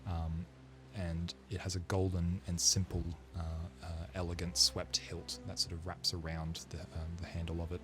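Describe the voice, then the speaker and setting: A man with a low voice running a tabletop game. He narrates the scene casually, hesitating with fillers. Soft music plays faintly behind him. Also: completely flat delivery, moderate pace, hardly any pauses. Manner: casual, many fillers, laughs often. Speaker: game master.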